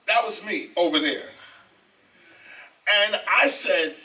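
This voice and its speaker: A man's voice: high voice, slow pace, long pauses, sharp tone. An older man telling his life story in an interview, emphatic and repeating phrases, often asking "okay?". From South Bronx, New York. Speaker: interview guest, rapper and teacher. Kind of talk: animated storytelling. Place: library, indoors. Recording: distant mic, faint background noise.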